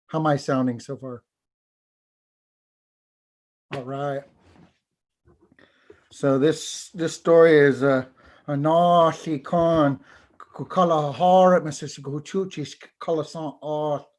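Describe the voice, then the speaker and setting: A man, a teacher and storyteller, telling a folk tale over a video call in an unhurried, halting way. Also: a little high, fairly even intonation, a little mellow. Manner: unhurried, halting, repeats words. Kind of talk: oral storytelling.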